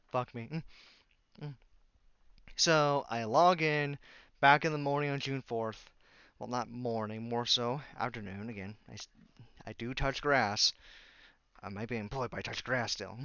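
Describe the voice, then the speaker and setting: A man's voice: medium pitch, a bit bright, clean tone, no echo, lo-fi sound. A man telling a rambling story in a casual vlog, sarcastic and exasperated as he goes. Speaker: YouTuber.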